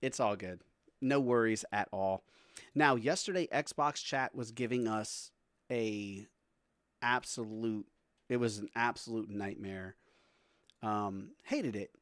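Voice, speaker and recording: A man's voice: medium pitch, no echo, clean studio sound. A man streaming live, chatting casually with his viewers, laughing often and talking to his dog between stories.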